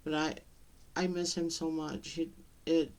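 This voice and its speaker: A middle-aged woman talking to the camera in a personal vlog, halting and tearful, with many pauses and restarts. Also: low-pitched, level tone, darkish tone. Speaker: vlogger.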